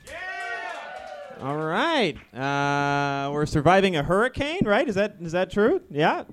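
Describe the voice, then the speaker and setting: A man doing a live stand-up set of awkward, deadpan one-liners in a ballroom venue. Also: a little high, a little slow, over music. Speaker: stand-up comedian.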